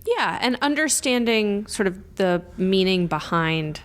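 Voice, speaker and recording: A woman's voice: mid-range voice, expressive, a little slow. A woman being interviewed as a guest, talking in a friendly, easygoing way. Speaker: museum executive director, guest. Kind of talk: casual interview chat.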